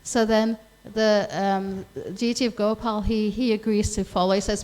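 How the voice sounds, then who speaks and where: A woman's voice: mid-range voice, level tone, moderate pace, few pauses, a little mellow, low-quality recording. A woman giving a scripture class in a temple, retelling a story casually and speaking each character's lines in her own voice. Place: temple hall.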